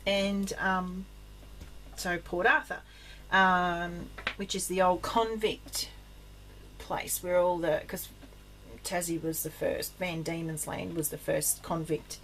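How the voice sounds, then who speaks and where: A woman's voice: takes it slowly, slight background noise. Chatty Australian woman rambling about craft finds. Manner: chatty, rambling, many ums, bursts of excited high pitch. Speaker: craft vlogger. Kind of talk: casual rambling chat.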